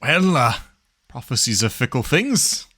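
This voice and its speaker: A man's voice: medium pitch, very animated, a little slow, bright, forceful tone, husky. Wry man playing a tabletop game. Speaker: player. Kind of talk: tabletop game play, in and out of character.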